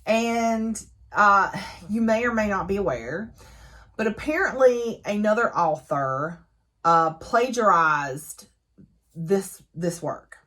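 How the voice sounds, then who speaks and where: A woman's voice: mid-range voice, slow. A young adult woman reviewing a book in a casual chat to camera, talking freely with fillers and frequent laughs. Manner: chatty, laughs often, lively fillers.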